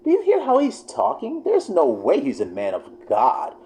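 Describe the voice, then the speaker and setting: A man voicing a shrill, scandalized fake churchgoer who gasps in horror. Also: wildly swooping pitch, moderate pace, warm tone, slight background noise. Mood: appalled.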